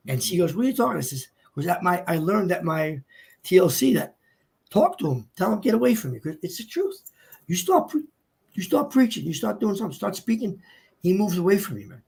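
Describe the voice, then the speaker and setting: A man's voice: sits high, gravelly, darkish tone, slightly rough. A man from New Jersey, a guest speaker, telling a personal story in an emotional, choked-up, emphatic way.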